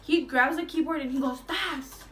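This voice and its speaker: High-voiced young woman telling a story. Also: moderate pace, slight background noise. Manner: chatty, swears freely, heavy filler "like"; slips into Spanish slang. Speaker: beauty vlogger telling a story. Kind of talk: casual storytime monologue. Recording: voice a bit distant from the mic.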